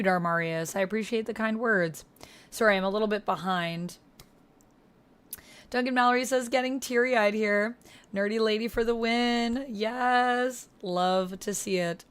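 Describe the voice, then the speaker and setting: A woman's voice: mid-range voice, a little slow, clear, resonant tone. A woman streamer chatting casually during a gaming stream, reading viewer comments aloud and answering them supportively. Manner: encouraging, supportive. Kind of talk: casual live-stream chat while gaming.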